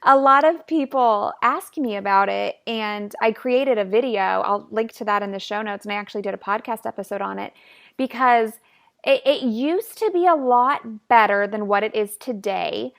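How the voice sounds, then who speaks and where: Upbeat higher-voiced woman host. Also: moderate pace, vocal fry. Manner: upbeat, explains tips to listeners. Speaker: podcast host. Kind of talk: casual podcast interview.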